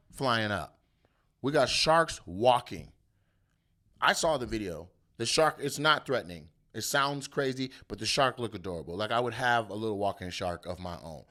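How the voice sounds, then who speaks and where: A male comedian hosts his own show, ranting loudly and profanely about the news in an animated style. His voice is on the low side yet bright and forceful, and he keeps launching into exaggerated bits.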